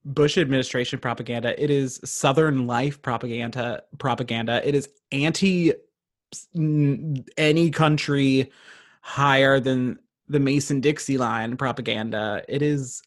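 A young man from Virginia co-hosting a casual podcast chat, making sarcastic, quick comic asides. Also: mid-range voice, steady tone. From Virginia, USA. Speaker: podcast co-host.

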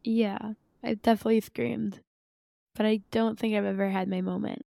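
A woman's voice: medium pitch, flat delivery, normal speed, gravelly, warm tone, no echo, studio quality. An American woman hosting a podcast, chatting in a supportive way and laughing easily. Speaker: podcast host. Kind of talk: casual chat.

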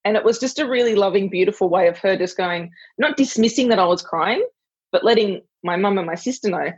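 A woman hosting an interview, effusive and heartfelt, telling personal stories with a husky voice. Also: mid-range voice, a little fast. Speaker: podcast host, mother. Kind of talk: conversational podcast interview. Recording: dull lo-fi, dry.

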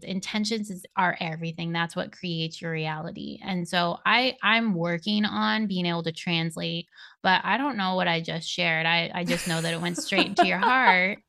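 A woman's voice: mid-range voice, bright, forceful tone, no echo. A woman speaking as a spiritual coach guest on a podcast, earnest and meandering, laughing often. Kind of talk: podcast interview conversation.

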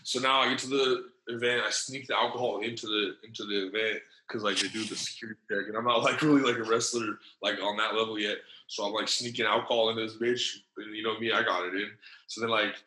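A man's voice: lowish voice, steady tone, quick pace, sharp tone, reverberant, low-quality recording. A man telling a long story in casual, slangy, profane speech, full of fillers and acted-out lines of other people. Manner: acts out other people's lines in changed voices.

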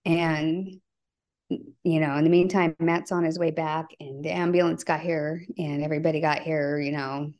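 A middle-aged woman with a slightly low-pitched voice speaks as a podcast guest. She tells her story in an earnest, halting way, restarting sentences and filling gaps with "you know" and "like.". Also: steady tone, darkish tone. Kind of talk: conversational interview storytelling.

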